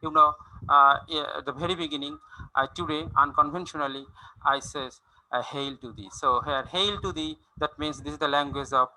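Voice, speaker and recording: A man giving a university lecture on poetry, explaining slowly with many fillers and restarts. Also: fairly high pitch, fairly even intonation, pushed and bright, rough recording. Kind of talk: recorded online lecture on poetry.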